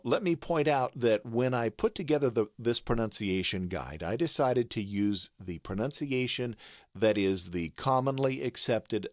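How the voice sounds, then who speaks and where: Low-voiced American man, patient tutorial. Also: no echo, studio quality. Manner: patient, explains step by step, spells letters aloud. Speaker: voice artist teaching pronunciation. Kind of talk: screen-share tutorial.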